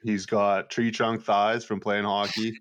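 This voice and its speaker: A man co-hosting a podcast, talking in a measured way with hesitant pauses during casual banter. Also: on the low side, level tone, no echo. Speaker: podcast co-host.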